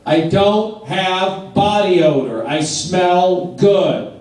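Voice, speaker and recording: A man's voice: high voice, drawn-out words, a little mellow. A man doing stand-up comedy on a club stage, blunt and self-deprecating in short repeated sentences, with audience laughter behind him. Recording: distant echoey club recording, noisy.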